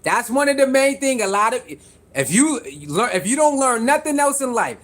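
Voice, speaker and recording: A vlogger with a high voice gives casual sports commentary to the camera at normal speed. He is animated and repetitive, firing rhetorical questions at viewers and laughing between points.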